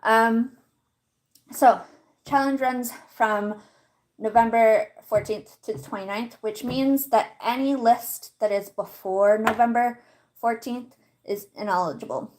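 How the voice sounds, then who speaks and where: A woman's voice: fairly high pitch, a little slow, darkish tone. A woman hosting a live stream from home, walking viewers through a website in a chatty way and laughing often as she talks to her chat. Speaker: livestream host. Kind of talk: casual livestream walkthrough.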